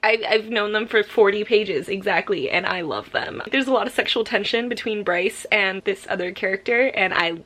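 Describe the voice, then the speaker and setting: A woman's voice: medium pitch, normal speed, few pauses, fairly bright tone. A young woman chatting casually in a book vlog at home, gushing and anxious, with lots of fillers. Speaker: book vlogger.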